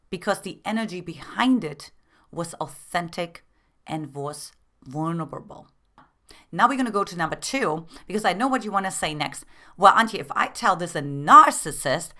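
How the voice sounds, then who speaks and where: A woman's voice: fairly low pitch, pushed and bright. A middle-aged woman from East Germany, coaching women on relationships in an earnest, intimate way and calling the listener "girlfriend".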